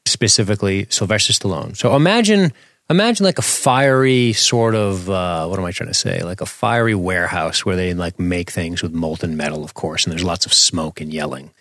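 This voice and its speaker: A man's voice: sits low, moderate pace, fairly bright tone, no room sound, clean studio sound. A man co-hosting a casual commentary podcast, rambling and searching for words as he talks. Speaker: podcast co-host.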